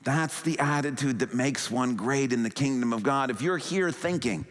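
A male pastor preaching a sermon with animated delivery, acting out quoted thoughts in a rising and falling voice. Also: mid-range voice, normal speed, hardly any pauses, long reverb tail. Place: church sanctuary.

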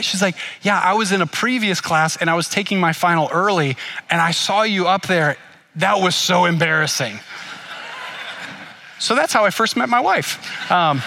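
A middle-aged man preaching a sermon, telling a personal story in an animated way and acting out the voices of the people in it. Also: high-pitched, normal speed. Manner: animated storytelling, acts out whispered asides. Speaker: pastor.

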